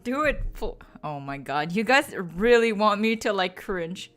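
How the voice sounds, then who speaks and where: A woman's voice: medium pitch, very animated, a little slow, fairly bright tone, faint music behind. A woman chatting casually on a stream, pleading and groaning with exaggerated drama to her viewers. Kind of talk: casual live-stream chat.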